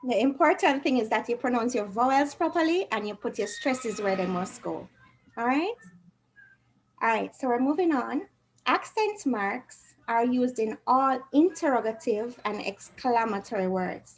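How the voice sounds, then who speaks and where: A woman's voice: fairly high pitch, expressive, normal speed, a little hiss or hum, poor audio. A woman teaching a Spanish revision class, patiently quizzing her students with questions.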